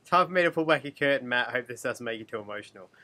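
A man's voice: mid-range voice, animated, fast, pushed and bright. A man co-hosting a film podcast, making dry wisecracks. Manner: dry, wry humor. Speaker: podcast co-host. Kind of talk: casual film review chat.

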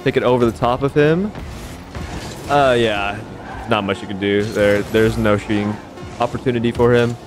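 Excitable young man commentating gameplay. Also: moderate pace, long pauses. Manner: excitable, swears, self-mocking, voice leaps up high when hyped. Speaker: gaming YouTuber. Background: background beat music.

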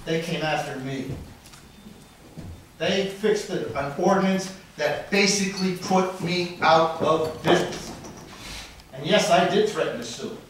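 A man speaking loudly and insistently during public comment at a city council meeting, accusing officials. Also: a little high, unhurried, slight background noise. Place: indoor city council chamber. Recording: echoey hall audio from a distant mic.

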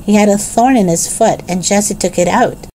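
A woman voicing a sensible, earnest older boy who explains things calmly in a storybook read-aloud. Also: mid-range voice, normal speed, a little hiss or hum, pitched above the performer's own voice, lightly acted, low-quality recording.

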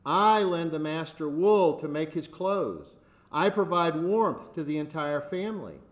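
A man's voice: a little high, animated, a little slow. A man voicing a smug, argumentative sheep in a storybook fable. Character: competitive smug farm sheep.

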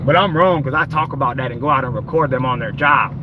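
A man's voice: medium pitch, fast talker, highs cut off, background noise. A man giving an angry, profane, rambling rant while driving, recorded on a phone in his car. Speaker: vlogger. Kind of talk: ranting vlog while driving.

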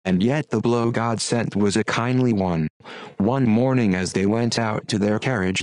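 A man's text-to-speech voice reading a classic story aloud in an even, unhurried way. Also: fairly low pitch, no room sound, rough recording. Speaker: audiobook narrator.

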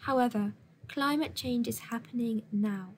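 With a faint hiss in the background, a woman gives instructions for a recorded lesson. She's clear and measured, and her pitch sits a touch high.

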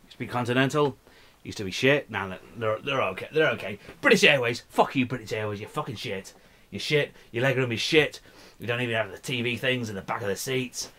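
A man's voice: medium pitch, a bit bright. Rambling, cursing man ranting on a vlog. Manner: profane, rambling, slurring and mumbling. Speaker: vlogger. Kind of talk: drunken rambling vlog rant.

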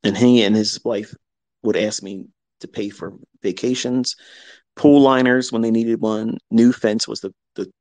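A man's voice: fairly low pitch, fairly even intonation, unhurried, a little mellow, dry recording, rough recording. A man in his fifties hosting a live audio chat, telling a personal story in a blunt, profane way and acting out both sides of old arguments. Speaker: host.

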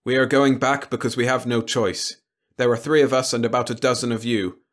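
A man's voice: medium pitch, steady tone, brisk, pitched above the performer's own voice, lightly acted. A man playing a stern, impatient commander. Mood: stern, insistent.

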